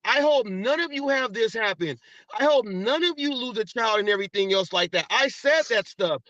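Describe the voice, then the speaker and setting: A man's voice: extremely high pitch, lively intonation, moderate pace, sharp tone, no echo. An American man hosting a live podcast, arguing heatedly with a guest, repeating himself and taunting him. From United States. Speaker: podcast host. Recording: dull lo-fi stream audio.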